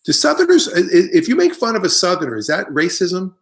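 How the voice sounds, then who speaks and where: A man's voice: high voice, very animated, a little fast, fairly bright tone. A middle-aged man hosting a live online show, delivering a rambling, opinionated comic monologue with jokey asides while he answers viewer comments.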